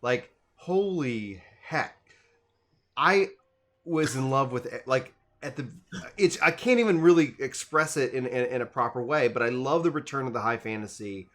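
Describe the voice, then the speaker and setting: A man's voice: mid-range voice, animated, moderate pace, a bit bright. A man hosting a casual gaming podcast, talking enthusiastically in rambling runs with frequent restarts. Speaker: podcast host.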